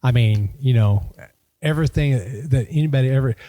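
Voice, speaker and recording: A man's voice: medium pitch, moderate pace, warm tone, dry recording. A man hosting a podcast in casual chat, effusive and laughing often. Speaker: podcast host.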